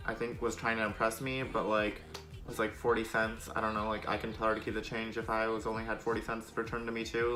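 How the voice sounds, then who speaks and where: A man's voice: mid-range voice, bright, forceful tone. A young man telling a storytime vlog in a casual, sarcastic way, full of fillers. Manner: chatty, filler-heavy, sarcastic. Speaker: vlogger.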